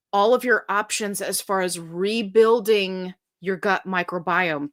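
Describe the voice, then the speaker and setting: A middle-aged woman hosts a live question-and-answer stream, talking casually and warmly to her viewers. She reads their comments aloud and answers in a chatty, lively way. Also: mid-range voice. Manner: chatty and animated, reads comments aloud, breaks into silly sung bits.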